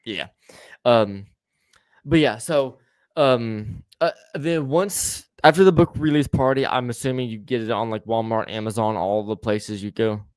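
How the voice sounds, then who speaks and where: A man who stutters now and then hosts a loose podcast chat, cursing freely and laughing between thoughts. His voice sits at an ordinary middle pitch. The sound is dry and close, with no room behind it. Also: measured pace, clean tone, dry recording. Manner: swears freely, laughs often. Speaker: podcast host.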